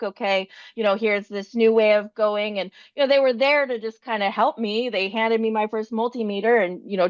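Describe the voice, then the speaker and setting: A woman's voice: mid-range voice, dry recording, lo-fi sound. A middle-aged woman talking candidly as a guest, chatty and full of fillers. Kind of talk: casual chat.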